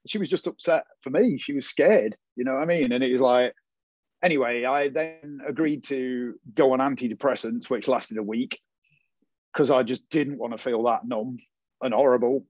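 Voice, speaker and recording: A man's voice: medium pitch, normal speed, a little mellow, dry recording, highs cut off. A man, a guest in a casual interview, telling his story animatedly and acting out the voices of people he quotes.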